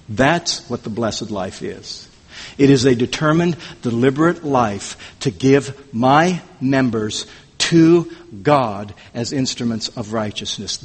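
A man's voice: sits high, fairly bright tone, in a large hall. A man preaching an expository sermon, earnest and emphatic, often repeating words as he restarts a thought.

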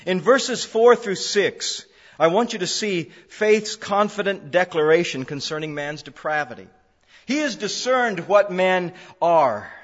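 A man's voice: high voice, expressive, a little slow. A man preaching an expository sermon, emphatic, repeating phrases for stress. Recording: dull lo-fi sound in a reverberant hall.

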